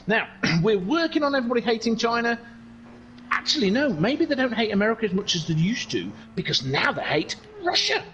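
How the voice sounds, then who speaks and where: A man with a high voice that climbs and dips all over the place. He commentates live on a sim race, drifting into jokes and sweary tangents. His delivery stays loose, chatty and unscripted. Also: very animated, a little fast, a bit bright, lo-fi sound, a little hiss or hum. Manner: rambling, joking and sweary banter. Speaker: sim racing stream commentator.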